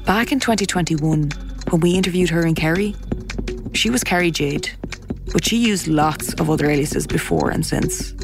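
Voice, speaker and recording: Female documentary narrator, deliberate scripted read, gravelly texture, faint music bed. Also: on the low side.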